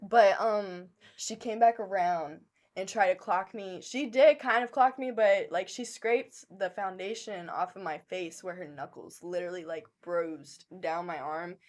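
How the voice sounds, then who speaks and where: A woman co-hosting a podcast, telling a story in a blunt, profane, animated way. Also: lowish voice, a little slow, few pauses. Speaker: podcast co-host. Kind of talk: casual storytelling chat.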